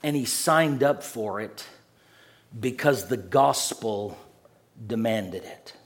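A man preaching a sermon, earnest, repeating words as he builds each point and dropping low and quiet at the ends of phrases. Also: expressive, slow.

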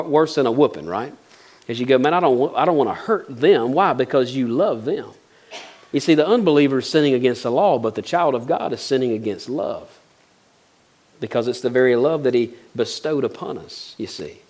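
A man preaching a sermon in a conversational way, often checking in with his listeners and acting out short quoted lines, then praying softly. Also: medium pitch. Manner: conversational preaching, keeps asking "right?"; acts out quoted voices, drops soft into prayer. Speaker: pastor.

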